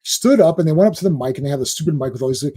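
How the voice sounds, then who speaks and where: A man hosting a live stream, ranting and swearing, dropping into quick impressions of other people. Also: fairly high pitch, expressive, mellow, slightly rough. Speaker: host.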